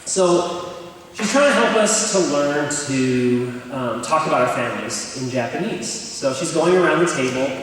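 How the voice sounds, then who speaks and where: A young man with a fairly high, animated voice gives a chapel talk at normal speed, joking, candid and self-deprecating as he tells a crowd stories about himself. The large chapel hall echoes, he stands far from the mic, and there's slight background noise.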